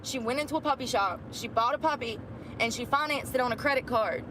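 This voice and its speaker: Brief: gossipy woman vlogger, slightly high voice, traffic passing behind. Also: fast. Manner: rambling, gossipy, folksy. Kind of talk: casual chatty vlog. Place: outdoors by a store lot. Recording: outdoor traffic noise.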